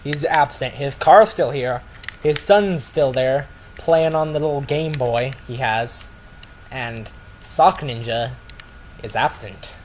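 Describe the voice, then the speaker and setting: A man's voice: mid-range voice, slow pace, darkish tone, slight background noise, low-quality recording. A man casually telling a story to friends, rambling with lots of "like" and restarts.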